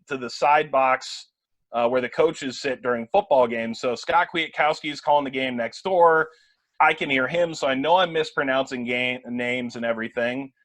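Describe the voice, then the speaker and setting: A man in his twenties, a play-by-play broadcaster, telling animated anecdotes in a casual interview with many fillers and restarts. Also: mid-range voice, no echo. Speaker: play-by-play broadcaster, podcast guest. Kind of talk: casual storytelling chat.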